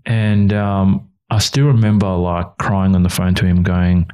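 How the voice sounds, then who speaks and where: A man's voice: low voice, little pitch movement, unhurried, hardly any pauses, darkish tone. A man, a guest telling a candid, emotional personal story in an interview. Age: 30s. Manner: earnest, emotional, quotes others in his stories. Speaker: youth worker and guest.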